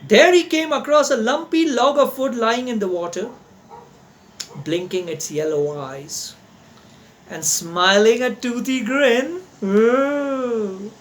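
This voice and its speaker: A man's voice: very high voice, lively intonation, measured pace, a bit bright. A man reading a classic children's story aloud as narrator, sing-song and explaining words for young listeners.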